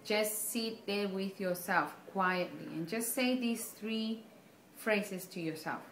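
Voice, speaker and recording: A woman's voice: medium pitch, slow, a bit bright. A woman presenting a self-help video, speaking in an earnest, encouraging way and often checking in with her listeners by asking "okay?" or answering her own questions. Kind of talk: motivational talk to camera. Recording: echoey room with faint background noise.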